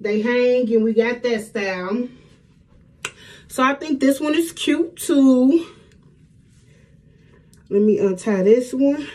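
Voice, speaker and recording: A middle-aged woman talking casually to her viewers at home, chatty and warm with plenty of y'all. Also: a little high. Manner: chatty, addresses viewers as y'all, Southern US speech. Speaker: hair vlogger. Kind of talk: casual vlog chat.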